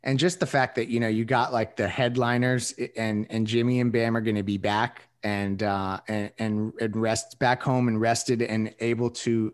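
A man co-hosting a sports podcast, thinking aloud in a rambling way with lots of fillers. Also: medium pitch. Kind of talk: casual basketball analysis.

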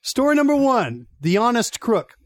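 A young man hosting a radio show, telling a funny story in an animated way and laughing as he goes. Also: very high voice, moderate pace. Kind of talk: casual storytelling chat.

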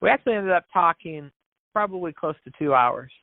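This business founder, a podcast guest, has a slightly high, gravelly, expressive voice and speaks briskly with no room sound. He tells his story earnestly, acting out the quoted speech and frequently restarting or repeating words. The line is dry, tinny and phone-like.

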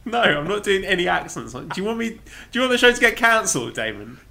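A man's voice: high-pitched, very animated, creaky, bright, forceful tone. Dry-witted man reading listener questions. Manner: dry, measured, teasing. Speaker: podcast co-host.

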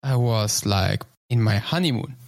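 A man's voice: on the low side, expressive, creaky, no room sound, studio quality. Joking co-host man. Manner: joking, halting speech. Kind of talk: casual podcast banter.

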